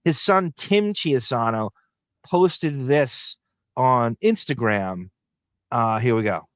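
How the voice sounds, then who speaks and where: A man hosting a podcast in casual chat, sardonic and quick with asides. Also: mid-range voice, expressive, no room sound. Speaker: podcast host. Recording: dull dry lo-fi sound.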